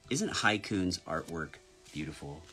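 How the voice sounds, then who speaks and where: A man's voice: low-pitched, very animated, measured pace, over music. A man chatting casually on a live stream, reading out fans' names, spelling them, and signing orders in a playful way.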